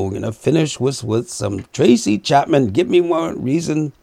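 A man hosting an afternoon radio show, teaching language phrases slowly, repeating each word carefully and clearing his throat often. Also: mid-range voice, lively intonation, mellow, no echo, studio quality. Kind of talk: slow radio language lesson with repetition.

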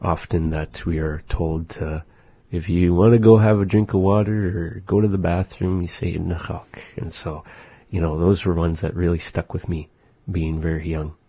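A man with a very low, dark voice leads a language lesson from a radio studio. He speaks slowly and patiently, repeating each phrase and breaking it down. The sound is dry and close. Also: steady tone, husky, no echo.

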